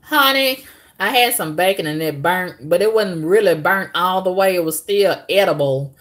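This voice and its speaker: Woman, casual vlogger, animated storyteller who plays every part herself. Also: on the low side, moderate pace. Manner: animated, talks to herself and her viewers, acts out both sides of conversations.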